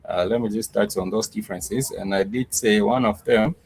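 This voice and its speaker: A man teaching a live-streamed language lesson, patient and repetitive, with many pauses and "uh" fillers. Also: on the low side, creaky, slight background noise, rough recording. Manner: patient, repetitive, says "uh" often. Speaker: Swahili teacher.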